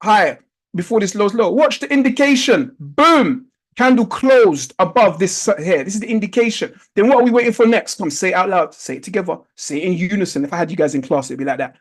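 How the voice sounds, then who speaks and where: A man with a notably high voice walks students through a chart in a live online trading class. He coaches by repeating key points and asking rhetorical questions, heard through a video-call mic. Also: animated, fairly quick, poor audio. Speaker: trading instructor.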